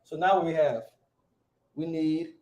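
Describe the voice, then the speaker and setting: A man with a somewhat high voice teaches a class in a relaxed, conversational style. He keeps stopping to ask "right?" and mixes slang into his explanations. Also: takes it slowly. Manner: casual, keeps checking with "right?".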